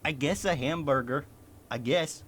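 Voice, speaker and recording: A man's voice: a little high, a little slow, fairly bright tone. A young man from the United States, a streamer chatting casually with his chat, laughing often and swearing.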